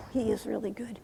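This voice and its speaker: A woman trainer demonstrating a trauma-relief technique, calmly repeating soothing reassurances in a steady chant. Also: fairly high pitch, slight background noise. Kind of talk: instructional demonstration. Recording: long reverb.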